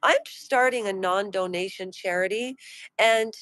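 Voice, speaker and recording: A woman's voice: medium pitch, a bit bright, no room sound. A woman giving an indignant, mocking rant about celebrity gossip on a live stream. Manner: indignant, mocking, slows down to stress points. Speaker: pop culture commentator.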